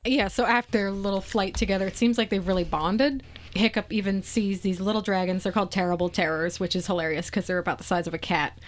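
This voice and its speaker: A woman's voice: medium pitch, steady tone. A woman co-hosting a movie podcast in casual chat, talkative and laughing often. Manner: chatty, laughs often, quick asides. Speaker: podcast co-host.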